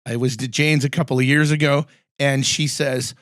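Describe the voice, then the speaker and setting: A man hosting a casual chat, telling animated anecdotes and acting out the lines he quotes. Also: mid-range voice, moderate pace, no room sound, clean studio sound. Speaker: podcast host.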